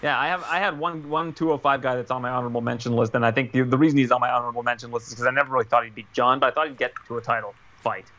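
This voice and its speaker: Guest man, quick, bright, animated podcast talker. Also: mid-range voice, muffled recording. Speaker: guest analyst. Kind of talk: casual podcast chat.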